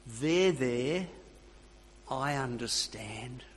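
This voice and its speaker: A man voicing the sly, soothing whisper of the devil, coaxing and flattering. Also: medium pitch, drawn-out words, slightly rough, exaggerated voice. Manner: soft, soothing, wheedling. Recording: long reverb of a hall.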